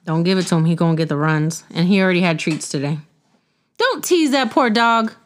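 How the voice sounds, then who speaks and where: A woman's voice: lowish voice, expressive, fairly quick. Ranting middle-aged woman podcaster. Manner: ranting, blunt, laughs often. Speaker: podcast host. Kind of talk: casual chat.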